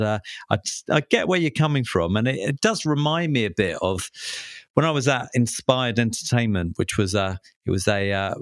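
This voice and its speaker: A man's voice: on the low side, no echo, studio quality. A man co-hosting a podcast, talking casually and hesitantly with many fillers and restarts. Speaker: podcast co-host. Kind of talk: casual conversational chat.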